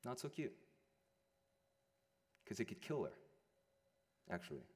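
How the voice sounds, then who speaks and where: A young adult man preaching a sermon to a room of listeners, animated, moving between loud emphasis and hushed quiet passages. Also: on the low side, measured pace. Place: large room with an audience. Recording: long hall reverb.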